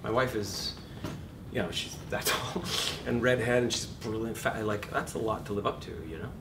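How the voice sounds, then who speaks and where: Animated fifty-something acting teacher, swearing. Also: male voice, normal speed. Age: 50s. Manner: animated, swearing, self-deprecating storyteller. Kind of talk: live seminar talk. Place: classroom seminar. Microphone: distant room mic. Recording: echoey room, far mic, rumbling noise.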